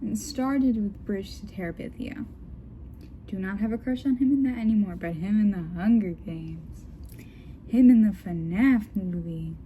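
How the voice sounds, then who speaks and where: Slow-talking giggly young woman. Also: medium pitch, dark tone, dull audio, a little hiss or hum. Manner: giggly, joking asides. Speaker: vlogger. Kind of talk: casual reading of fanfic aloud.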